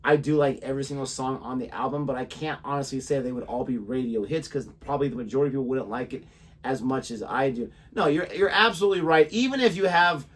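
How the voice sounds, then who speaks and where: A man co-hosting a music reaction show, chatting in a relaxed, conversational way and sharing trivia. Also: mid-range voice, fast talker. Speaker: reaction channel co-host. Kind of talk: casual chat.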